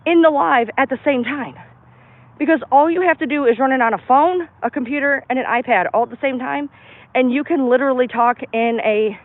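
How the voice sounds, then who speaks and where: Outdoors in a park, a high-voiced woman livestreams a blunt, profanity-filled, emphatic rant. Her recording sounds thin and phone-like, dry with no echo.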